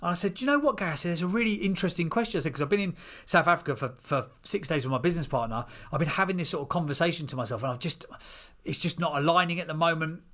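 A man in his thirties, a podcast guest, telling an animated story and acting out the voices of people in it. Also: on the high side, rapid-fire.

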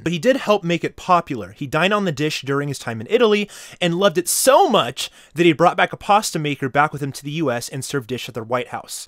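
A man's voice: fairly high pitch, no room sound, clean studio sound. A man hosting a video, reading articles aloud and joking playfully between lines. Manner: playful, wisecracking and animated. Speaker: video host.

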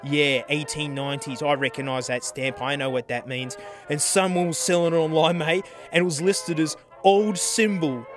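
Excitable high-voiced guy. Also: moderate pace, faint music behind. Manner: excitable, swings from low mutters to shouts. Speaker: drum channel host. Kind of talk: casual vlog talk.

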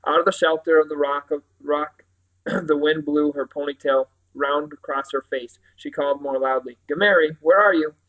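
A man reading a children's novel aloud in a steady manner, with occasional slips and restarts. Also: fairly high pitch, moderate pace, rough recording. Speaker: reader.

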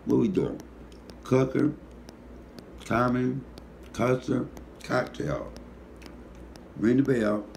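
A man's voice: medium pitch, very animated, takes it slowly, vocal fry, long pauses, darkish tone, a little hiss or hum. A middle-aged man with a Detroit accent, a comedian hosting his cooking show, rambling sleepily with profane comic stories. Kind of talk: casual talk to camera.

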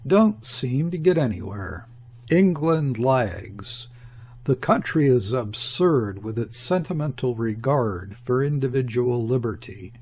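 Contemptuous foreign diplomat guy, airy and brutal, slow and raspy, as a narrator reads him. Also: mid-range voice, darkish tone. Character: scornful foreign diplomat, male, middle-aged. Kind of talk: audiobook character reading.

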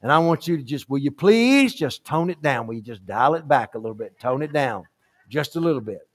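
A man voicing an anxious pastor in a sermon story, softly coaxing a church member to tone down his shouting. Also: on the high side, very fast, lightly acted. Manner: soft, coaxing, pleading.

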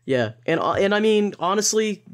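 Young male co-host, mid-pitched, loose joking delivery with restarts. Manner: joking, stumbling restarts, swears casually. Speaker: podcast co-host. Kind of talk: casual podcast chat.

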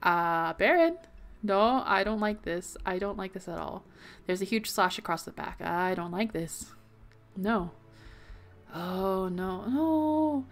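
A woman's voice: medium pitch, expressive, takes it slowly, soft background music. A young woman giving let's play commentary, reading game text aloud and reacting with worried exclamations. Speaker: gaming video host.

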